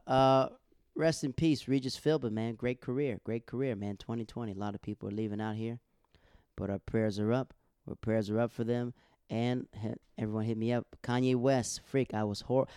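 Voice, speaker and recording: A man's voice: mid-range voice, fairly quick, clean tone, no room sound, studio quality. A young man hosting a casual monologue, rambling through stories and acting out the people he quotes. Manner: rambling, animated storytelling with quoted voices.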